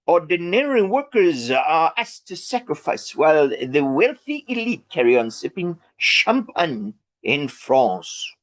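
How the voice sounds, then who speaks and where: A man's voice: on the high side, sing-song, unhurried, few pauses. A South African man giving a sarcastic, opinionated political rant, with many fillers and restarts. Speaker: political commentary vlogger.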